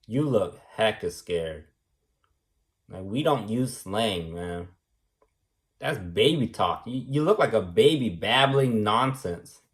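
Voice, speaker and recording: A man's voice: lowish voice, animated, takes it slowly. A man delivering a rambling, preachy monologue, repeating himself and tagging lines with "man" and "right". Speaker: vlogger.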